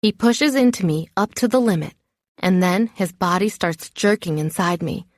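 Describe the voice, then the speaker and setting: A woman reads a first-person novel as an audiobook in a lively, expressive way. Her voice sits on the low side for a woman. The sound is dry and close, with no room around it. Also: moderate pace, no echo. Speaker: audiobook narrator.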